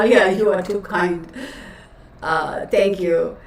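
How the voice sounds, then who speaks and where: Slow and steady, her lowish voice carries through an echoey, cluttered home workspace where she reads tarot and chats loosely with live viewers, addressing them as y'all. She's distant from the mic, with faint background noise.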